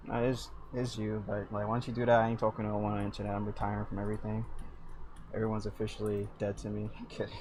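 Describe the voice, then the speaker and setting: A man's voice: on the low side, completely flat delivery, quick pace, a little mellow. A young man streaming casually while sculpting, teasing his chat with lots of fillers and jokes. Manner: joking, teasing, chatty with many fillers. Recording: faint background noise.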